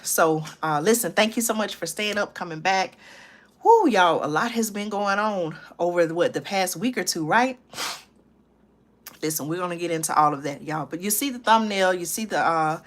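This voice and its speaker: A woman hosting her own live stream, chatting casually with viewers and often checking in with a quick "okay?" between thoughts. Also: on the low side. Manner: chatty, tags lines with "okay?" and "y'all"; drawn-out fillers and restarts. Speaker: livestream channel host. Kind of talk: casual livestream chat to viewers.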